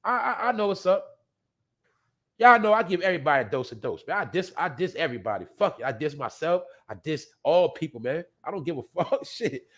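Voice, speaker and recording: Man, fairly high voice, blunt profane rant, rambling, laughs a lot, live-stream host. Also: lively intonation, fairly quick, a bit bright. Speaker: podcast host.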